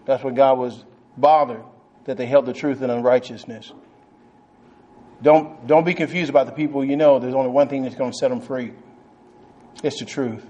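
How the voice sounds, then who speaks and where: Man preaching, fairly high-pitched, emphatic, chuckling, saying amen. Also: darkish tone. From Texas. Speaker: pastor. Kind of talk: sermon.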